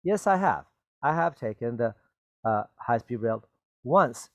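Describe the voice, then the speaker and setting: A man gives an English grammar lesson in a slow, deliberate manner, stressing key words and repeating example sentences. He keeps checking that students follow. His voice sits at a middle pitch and sounds close and dry. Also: expressive, dry recording. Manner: patient and repetitive, checks in with "okay?" and "right?". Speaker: English teacher. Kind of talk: grammar lesson for Chinese-speaking learners.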